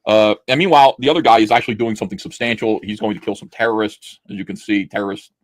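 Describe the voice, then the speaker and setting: Fast-talking sardonic man reviewing comics. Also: on the low side, dry recording. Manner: sardonic, mocking, reads quotes in flat deadpan. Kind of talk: casual review chat, reading comic dialogue aloud.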